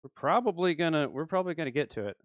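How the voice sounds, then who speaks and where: A gaming channel host talks through his summon pulls, his voice leaping up and down with excitement and letdown. The sound is dry and close, a little dull and lo-fi, from a home desk mic. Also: fairly high pitch, very fast, dry recording. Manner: animated, swings between hype and disappointment. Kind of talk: excited gacha pull commentary.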